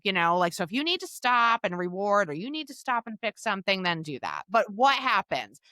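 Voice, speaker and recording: Female co-host, emphatic casual talker, mid pitch that moves a lot. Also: normal speed, no echo, studio quality. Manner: lively, many restarts, emphatic. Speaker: podcast co-host, dog trainer and match judge. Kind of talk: casual chat.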